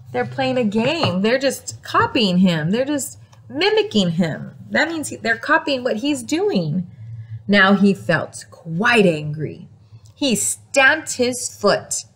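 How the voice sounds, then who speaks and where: A woman teacher reading a picture book aloud to young children, expressive, gasping and asking them questions. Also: on the high side, slow. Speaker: preschool teacher.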